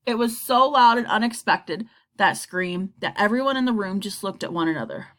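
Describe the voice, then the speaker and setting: A woman narrating a children's story aloud in an expressive reading voice. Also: mid-range voice, moderate pace. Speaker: narrator, audiobook reader.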